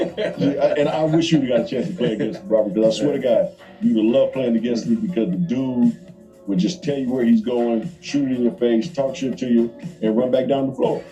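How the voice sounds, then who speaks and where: Man, former player, easygoing talk-show chat, very dark mellow tone. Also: medium pitch, normal speed, faint music behind, poor audio. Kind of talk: casual talk on a sports show.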